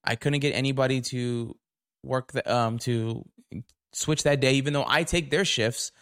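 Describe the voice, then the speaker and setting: A man's voice: mid-range voice, steady tone, normal speed, fairly bright tone, smooth. A young man with a mid-range voice rants casually on his podcast, swearing freely and sounding indignant. His talk is loose and conversational, recorded on a camera mic. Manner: profane, indignant storytelling. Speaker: podcast host. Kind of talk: casual monologue rant.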